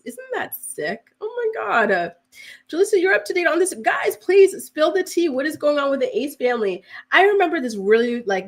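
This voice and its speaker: A woman hosting a live celebrity gossip show, chatting casually with many "like"s and reading out viewer comments. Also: mid-range voice. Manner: chatty, heavy use of "like", reads out viewer comments. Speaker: host of a celebrity news show.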